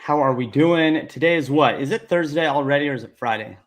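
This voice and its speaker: A man's voice: a little high, brisk. A young man, a coding instructor, hosting a casual livestream and chatting upbeat with viewers, reading their names aloud.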